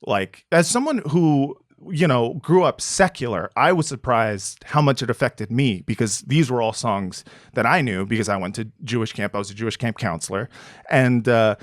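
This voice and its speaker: A man hosting a podcast, musing casually with many pauses and fillers. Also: mid-range voice, lively intonation, no echo, studio quality. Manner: halting, filler-heavy musing. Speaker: podcast host. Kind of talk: casual reflective podcast talk.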